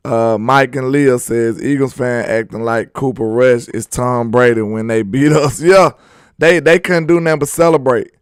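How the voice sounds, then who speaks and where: A young man hosting a sports live stream, reading chat and loudly teasing viewers with laughter. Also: medium pitch, steady tone, measured pace, clear, resonant tone, no echo, studio quality. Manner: loud trash talk, laughing and teasing viewers. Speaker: sports channel host.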